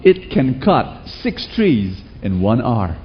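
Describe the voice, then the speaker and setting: A man's voice: mid-range voice, big pitch swings, takes it slowly, a little hiss or hum, voice pushed down. A man voicing an emphatic male hardware store salesman in a sermon story, on a dull lo-fi recording. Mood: confident.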